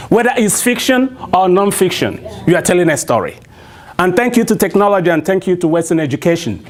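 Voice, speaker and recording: A man's voice: high voice, very animated, fairly quick. A man with a Nigerian accent telling a traditional story to a live audience, prompting them with call-and-response questions.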